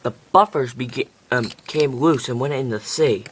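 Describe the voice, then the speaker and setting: A man's voice: medium pitch, moderate pace, a little hiss or hum. A man improvising narration of a toy train story, rambling with many restarts and fillers.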